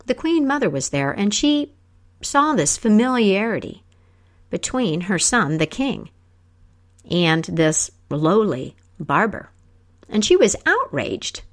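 A woman telling a folk tale aloud, acting out the characters with lively voices. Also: medium pitch, slow pace. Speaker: storyteller. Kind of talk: oral storytelling.

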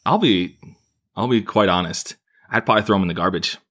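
A man's voice: sits low, fairly quick, a bit bright. A man co-hosting a casual podcast chat, easygoing and asking playful questions. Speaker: podcast co-host.

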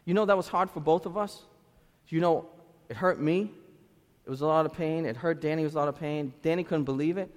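A man in his thirties from Lynn, Massachusetts, with a Boston-area accent, preaching a sermon as a pastor through animated storytelling with street slang. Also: a little high, brisk. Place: church sanctuary. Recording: reverberant church hall.

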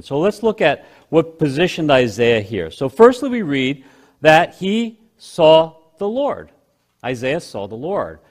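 A man preaching a sermon, slowing down to stress key phrases and swinging between loud and hushed delivery. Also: fairly high pitch, big pitch swings.

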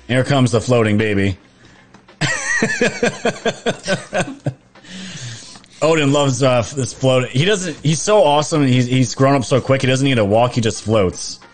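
A man's voice: mid-range voice, wildly swooping pitch, slow pace, long pauses. New guy in his 30s chatting on his livestream, reading chat comments, lots of um and restarts, some music faintly behind. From New York. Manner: chatty, laughs often, fillers and restarts. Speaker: live stream host. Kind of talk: casual live-stream chat reading viewer comments.

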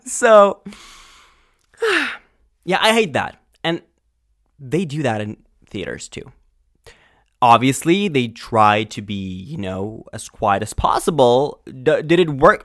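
A man's voice: medium pitch, unhurried, dry recording. Young man ranting, swearing, dry close mic. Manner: animated, swears a lot, trails off and restarts. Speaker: podcast host. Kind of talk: casual ranting monologue.

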